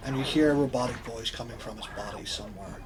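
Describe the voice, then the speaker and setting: A man acting as storyteller, narrating a tabletop role-playing game with steady, descriptive scene-setting. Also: medium pitch, fast.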